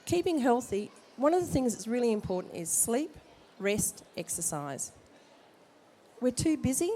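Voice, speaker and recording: A midwife speaking at a baby expo, who has a cold, delivers jokey, direct advice to expectant parents in an informal talk in the expo hall. Her mellow, fairly high voice is sing-song and measured in pace, with a little hiss or hum in the audio.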